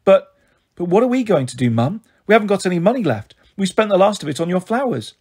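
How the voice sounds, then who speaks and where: A man's voice: high-pitched, sing-song, quick pace, a little mellow, slightly rough, voice pushed up, exaggerated voice. Man reading as a brave anxious girl. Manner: pleading, reassuring. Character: brave, anxious girl caring for her family.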